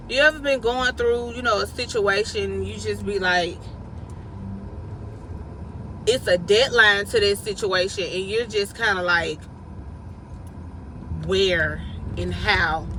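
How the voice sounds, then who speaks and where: A woman vlogger giving a casual, inspirational faith talk, repeating lines slowly for emphasis in slangy, everyday phrasing. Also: medium pitch, a bit bright, a little hiss or hum, poor audio. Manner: slow, repetitive, preacherly emphasis.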